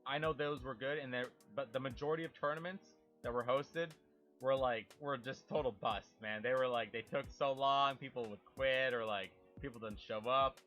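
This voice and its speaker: A young man talking casually about a video game, animated, swearing freely and imitating game sounds. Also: medium pitch, moderate pace, soft background music. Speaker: gaming YouTuber. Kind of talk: casual rambling monologue.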